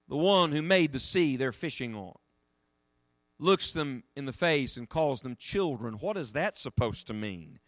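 A middle-aged man preaching a sermon in an animated, emphatic way, voice rising and falling. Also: a little high, dry recording, clean studio sound.

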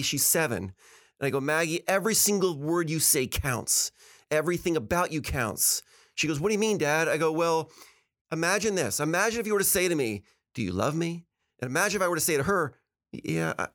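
A man's voice: a little high, a bit bright. A middle-aged man hosting a talk, giving earnest, emphatic relationship advice and laughing often. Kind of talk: casual motivational talk.

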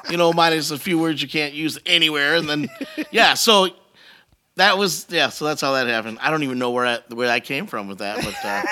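A man's voice: on the high side, moderate pace, long pauses. A middle-aged man in casual chat, ranting and telling stories, with plenty of swearing. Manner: profane, animated ranting storytelling.

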